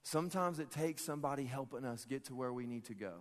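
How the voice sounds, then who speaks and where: A man in his thirties, a pastor preaching a sermon, telling a personal story in an animated, joking way and often laughing. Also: medium pitch, fast talker. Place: large church hall. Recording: long reverb of a church hall.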